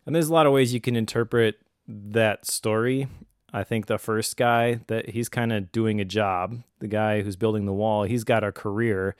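A man's voice: lowish voice, moderate pace, clear, resonant tone, no echo, studio quality. A man co-hosting a faith and family podcast, talking casually and telling stories with easy laughs. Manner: relaxed storyteller, laughs easily. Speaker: podcast co-host.

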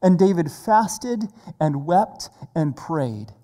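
A preacher delivers a sermon at a slow, unhurried pace, each phrase set apart and earnest. The voice has a dark, mellow tone. The sound carries the long reverb of a large hall. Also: mid-range voice, animated.

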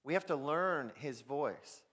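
A man preaching a sermon, swinging between loud emphasis and near-whispers as he speaks directly to his listeners. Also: fairly high pitch, expressive, slow, husky. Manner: addresses listeners directly as "guys". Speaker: pastor.

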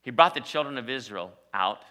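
A man preaching a sermon, telling a story and rising to loud, emphatic peaks. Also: medium pitch, lively intonation, brisk. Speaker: pastor.

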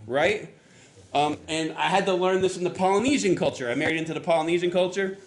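A man from Florida preaches in a relaxed, conversational way, like he is talking with the congregation. His voice sits a little high for a man. He tells stories with lively energy and acts out sounds and voices as he goes. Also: fairly quick. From Florida, US South. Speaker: pastor. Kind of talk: conversational sermon.

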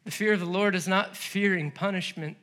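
A male pastor preaching a sermon, animated and laughing as he acts out the story's voices. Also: high voice, fairly quick. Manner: laughs between lines.

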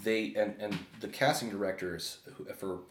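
Animated man in an echoey room. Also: lowish voice, normal speed, a little hiss or hum. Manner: animated, laughs often, trails off and restarts. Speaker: podcast co-host. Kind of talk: casual chat.

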